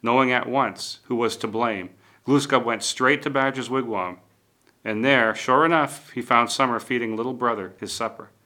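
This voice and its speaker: A man reading a folk tale aloud in a measured, lively storytelling manner. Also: medium pitch. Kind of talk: storybook narration.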